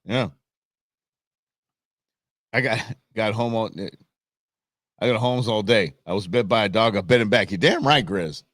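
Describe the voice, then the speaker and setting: A man's voice: on the low side, a little slow, pauses often, a bit bright, no echo, studio quality. A man hosting a live stream, chatting casually and telling stories with goofy voices for animals. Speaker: livestream host. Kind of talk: casual chat.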